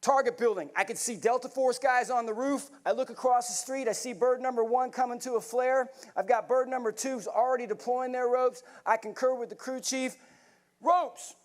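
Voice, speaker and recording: Middle-aged male keynote speaker, fairly high voice, animated storyteller. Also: brisk, hardly any pauses. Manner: vivid, animated storytelling with bursts of laughter. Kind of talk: storytelling talk to a live audience.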